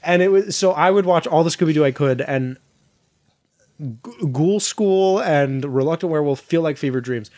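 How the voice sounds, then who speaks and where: Animated young man telling a story. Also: a little high, moderate pace, no echo. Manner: animated, acts out quoted voices, laughs often. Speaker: podcast co-host. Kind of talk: casual chat, storytelling.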